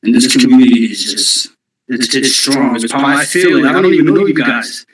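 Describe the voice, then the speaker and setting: Halting out-of-breath man on a phone. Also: mid-range voice, a bit bright, reverberant, low-quality recording. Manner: halting, many ums and restarts. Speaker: community member on a live audio space. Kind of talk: casual call-in talk.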